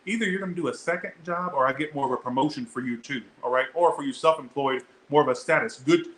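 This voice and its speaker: A man's voice: medium pitch, fast, fairly bright tone, echoey room, slight background noise, poor audio. A young man doing a casual tarot reading, chatty and blunt, swearing freely as he talks to his viewers. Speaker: tarot reader.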